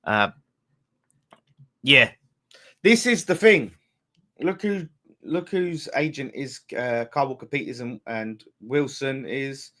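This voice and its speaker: A man hosts a casual football fan live stream. He rambles in a chatty, blunt way and swears freely, in a mid-pitched voice. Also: lively intonation, takes it slowly, pauses often, sharp tone. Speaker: fan channel host.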